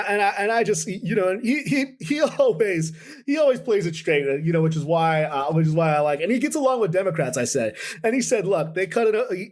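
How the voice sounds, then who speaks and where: A man who is a political reporter, telling stories from the Capitol in a conversational interview, animated and full of restarts. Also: fairly high pitch. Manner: animated, quotes people in lively voices, many restarts.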